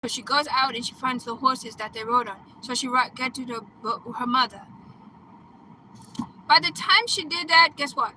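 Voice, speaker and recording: High, bright-voiced excitable woman. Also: moderate pace, slight background noise, poor audio. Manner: excitable, laughing, bursts into loud exclamations; chatty, checks in with "right?" and "okay?". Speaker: coach. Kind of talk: casual retelling of a film plot.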